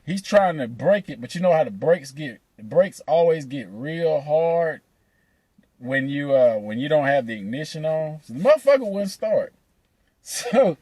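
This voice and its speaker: A man telling a profane, animated story, laughing between lines. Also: on the high side, no echo. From Atlanta, USA. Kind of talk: casual storytelling.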